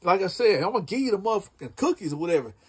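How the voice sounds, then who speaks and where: A man's voice: high-pitched, very animated, rapid-fire, breathy edge, voice pushed up, heavily acted. A man voicing a defensive male prison inmate who stammers and sounds flustered when pressed.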